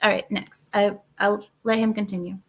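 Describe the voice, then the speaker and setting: A woman hosts her own channel, reacting to a clip with opinionated commentary that is emphatic, repetitive, and lecturing. Her voice is medium in pitch with a level tone, and she talks at a normal speed.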